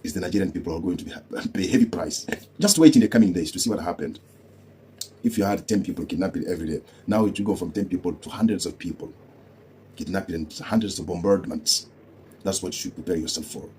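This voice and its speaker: A man's voice: low-pitched, quick pace, mellow, slight background noise. A man from Africa giving heated political commentary, scornful and repeating rhetorical questions.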